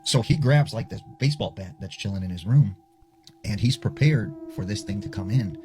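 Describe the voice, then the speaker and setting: A man's voice: lowish voice, lively intonation, moderate pace. A man casually telling a spooky story, chatty and loose, full of filler words. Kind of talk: casual spoken ghost story. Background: music.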